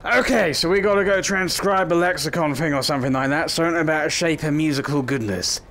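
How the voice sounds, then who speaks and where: A man rambles playfully through VR gameplay commentary and slips into silly voices. His voice sits a little high and has a gravelly edge. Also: quick pace, a bit bright. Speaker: gaming YouTuber.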